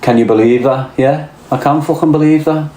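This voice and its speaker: A man's voice: on the high side, steady tone, brisk, mellow. A man with a Scouse accent chatting crudely on a livestream. He reads out viewer comments and tells swaggering, profane stories. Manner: profane, blunt, swaggering storyteller. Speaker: livestream host reading chat. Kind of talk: crude casual chat. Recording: roomy echo.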